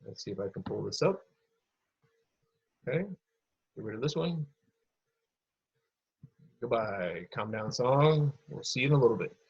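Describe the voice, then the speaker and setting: A man with a slightly husky, breathy voice talks a class of children through a lesson. His delivery is loose and encouraging, full of fillers and asides. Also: medium pitch, animated, measured pace, long pauses, muffled recording. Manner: casual, encouraging classroom talk with many fillers. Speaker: teacher.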